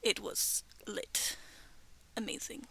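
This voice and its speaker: A woman's voice: slow, pushed and bright. A young woman streaming from her bedroom, chatting in a rambling, giggly way that often drops to a whisper. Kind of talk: casual chat on a livestream.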